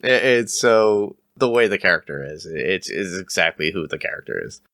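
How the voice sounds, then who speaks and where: Man, podcast host, casual chat, bright voice, dry close sound, laughs often. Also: sits low, expressive, normal speed, no echo. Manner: laughs often, keeps the turns moving.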